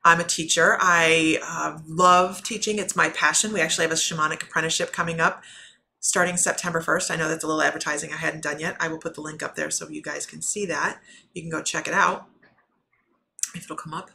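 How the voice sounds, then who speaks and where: A woman with a slightly low voice and a bright, forceful edge chats to her viewers as a spiritual medium, giving readings on a live stream. She rambles, restarts her sentences and breaks into laughter. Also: fairly even intonation, brisk, vocal fry, a little hiss or hum. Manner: rambling, self-interrupting, laughs often.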